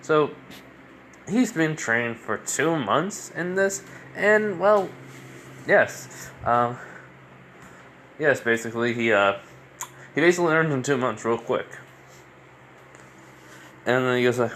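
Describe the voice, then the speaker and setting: A man's voice: mid-range voice, takes it slowly, pauses often, fairly bright tone, a little hiss or hum. A man casually improvising a fan story, rambling and restarting his sentences often. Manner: rambling, many fillers and restarts.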